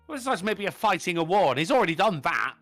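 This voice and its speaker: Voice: medium pitch, big pitch swings, fast, fairly bright tone, soft background music. A podcast co-host joking in a wry, teasing, playful way. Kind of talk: casual chat on a livestream podcast.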